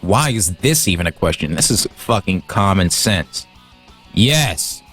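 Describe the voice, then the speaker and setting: A man's voice: low-pitched, very animated, measured pace, fairly bright tone, soft background music. A man hosting a livestream, heated and profane, stumbling over restarts as he gets worked up. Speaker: livestream host. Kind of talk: casual livestream rant.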